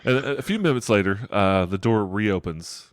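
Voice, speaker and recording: Chuckling middle-aged game master, low voice. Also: male voice, animated, moderate pace, no echo. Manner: rambling, digressive scene description with frequent chuckles. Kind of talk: narrating a tabletop game.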